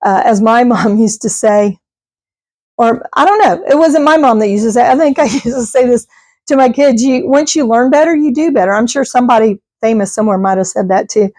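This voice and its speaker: A middle-aged woman talks to her viewers in a loose, rambling way, laughing now and then. Her voice sits fairly high, and the recording is dry, with no room sound. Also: a little fast, dark tone, no echo. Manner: rambling, chatty, laughs often. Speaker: vlogger. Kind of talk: casual chat.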